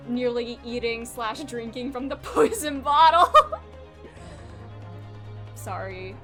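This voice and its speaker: A woman streamer giving chatty, giggly commentary while voicing a story game. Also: on the high side. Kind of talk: casual let's-play commentary. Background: game music.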